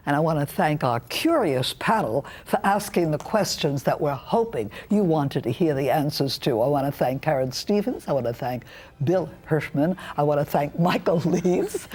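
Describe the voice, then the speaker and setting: A woman hosts an arts talk show, questioning a guest and then closing the program with thanks to everyone. Her voice is notably deep. A faint bed of music plays beneath her. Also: animated, normal speed, darkish tone. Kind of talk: hosting a panel talk show.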